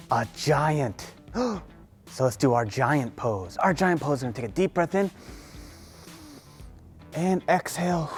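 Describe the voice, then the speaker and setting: A woman leading a children's yoga lesson through a story, animated and playful, gasping with excitement. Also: extremely low pitch. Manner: animated, playful, lots of gasps. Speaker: kids' yoga teacher.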